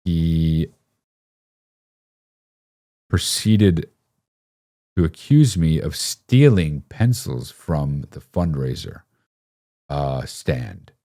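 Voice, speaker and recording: A man's voice: extremely low pitch, lively intonation, very slow, pauses often, warm tone. A man hosting a live stream, telling a rambling, profane childhood story to his chat, laughing often and mocking himself.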